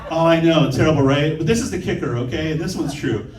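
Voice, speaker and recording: High-voiced man doing stand-up. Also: fast talker, a little mellow, echoey room, recorded from a distance, low-quality recording. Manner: conversational joke-telling with frequent ums. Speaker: stand-up comedian. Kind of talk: stand-up comedy set. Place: comedy club stage.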